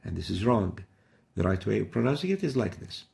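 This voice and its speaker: A man's voice: lowish voice, very animated, a little fast, creaky, a little mellow. A middle-aged man teaching Quran recitation in a methodical lesson, repeating example words to demonstrate each sound. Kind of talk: instructional lesson.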